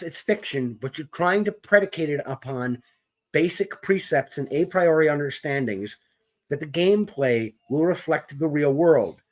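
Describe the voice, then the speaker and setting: A man co-hosting a gaming podcast, ranting heatedly and profanely in wordy, formal language. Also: on the high side. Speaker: podcast co-host. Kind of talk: opinionated gaming discussion.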